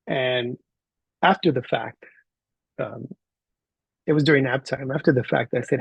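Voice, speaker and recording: A man teaching a class, telling a story in an animated way and acting out the dialogue. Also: mid-range voice, unhurried, gravelly, long pauses, husky, no room sound, lo-fi sound. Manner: animated, acts out quoted dialogue. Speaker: college instructor. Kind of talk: storytelling lecture to students.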